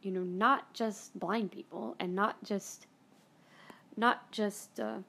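A woman's voice: mid-range voice, steady tone, slow, vocal fry, pushed and bright. A woman hosting her own podcast, telling a personal story with strong emotion, often repeating herself and trailing off. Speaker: podcast host.

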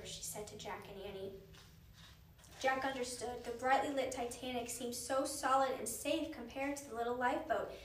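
A woman reading a children's book aloud in an expressive, animated way. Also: on the high side, normal speed. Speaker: storyteller. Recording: roomy, distant mic, faint noise.

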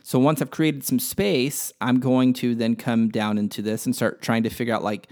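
A man's voice: medium pitch, fairly even intonation, moderate pace, a little mellow. A man hosting a spiritual podcast, teaching in a casual, candid way and swearing freely as he talks through a personal example. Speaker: podcast host.

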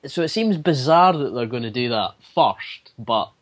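This podcast guest has a mid-range voice with lively intonation and talks at a moderate pace. He chats casually and opinionatedly, hesitating as he thinks aloud.

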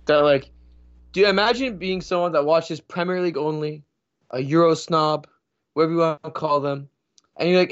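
A man co-hosting a casual soccer podcast, telling rambling, animated stories. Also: fairly high pitch, moderate pace, clear, resonant tone, dull audio. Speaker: podcast co-host. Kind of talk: casual chat.

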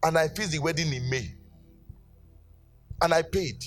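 A man's voice: on the high side, measured pace, soft background music. A middle-aged man preaching a sermon as pastor, telling stories with energy and calling out to his congregation in rising, sing-song exhortations. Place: church.

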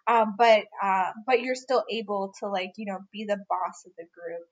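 A young woman co-hosting a casual podcast, chatting warmly about a friend, rambling with many fillers and restarts. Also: mid-range voice, moderate pace, low-quality recording. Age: young adult. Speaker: podcast co-host. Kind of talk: casual chat among friends.

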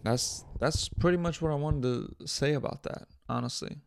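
A man's voice: a little high, moderate pace, creaky, clear, resonant tone. A man hosting his own podcast, talking bluntly and profanely in a casual, exasperated rant. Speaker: podcast host.

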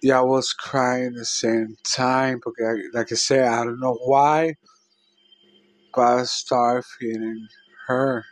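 A man telling a personal story in a halting, emotional way, with many restarts and trailing phrases. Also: medium pitch, steady tone, no room sound, low-quality recording.

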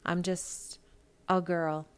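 A woman's voice: fairly low pitch, flat delivery, extremely slow, smooth. A woman from Minnesota hosting a podcast, chatting about celebrity gossip in a blunt, sassy way and swearing freely. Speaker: podcast host. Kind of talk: casual celebrity gossip monologue.

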